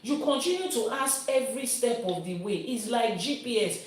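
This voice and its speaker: A Nigerian priestess teaches and takes viewers' questions, explaining through everyday comparisons in a lively, teacherly manner. Her voice is on the high side at a moderate pace, with a little hiss or hum and a roomy sound from a distant mic.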